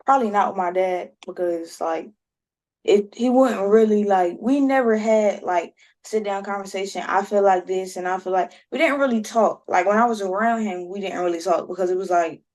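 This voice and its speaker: A woman guest in a casual podcast chat, answering hesitantly with many pauses and restarts. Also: medium pitch, a little mellow. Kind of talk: casual conversation.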